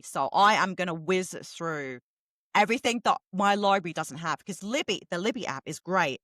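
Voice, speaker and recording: A middle-aged woman from England, co-hosting a podcast in casual chat, talking fast and swearing freely. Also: on the low side, pushed and bright, no room sound. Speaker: podcast co-host.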